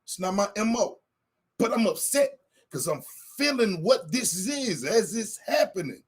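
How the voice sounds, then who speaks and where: Husky guy ranting thru a store story, voice jumping all over, pretty high. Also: very animated, unhurried. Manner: heated, profane anecdote with acted-out quotes. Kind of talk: animated storytelling.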